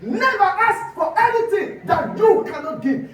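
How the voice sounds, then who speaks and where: A pastor preaching a fervent sermon, shouting and repeating rhetorical questions. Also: male voice, very high-pitched, expressive, unhurried, hardly any pauses. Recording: echoey hall from a distance.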